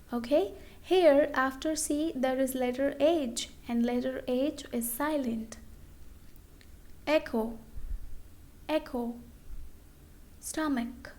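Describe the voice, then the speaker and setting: Slow, high-voiced woman teaching pronunciation. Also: mellow. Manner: repeats each example word twice, asks "okay?" often. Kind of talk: slow, deliberate pronunciation lesson.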